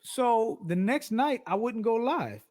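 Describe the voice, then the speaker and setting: A man guest telling stories in a goofy, dramatic way, deliberately speaking higher than his natural voice. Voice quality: deliberately raised speaking pitch. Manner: animated, goofy, dramatic storytelling. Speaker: guest songwriter and live-stream host. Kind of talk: casual interview chat.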